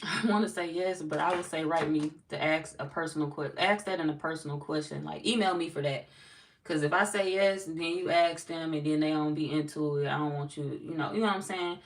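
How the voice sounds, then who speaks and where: A woman's voice: sits low, creaky, distant mic. A woman reading tarot on a livestream, chatting loosely with viewers, reading their comments aloud and laughing often. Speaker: tarot reader greeting live chat. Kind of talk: casual livestream chat.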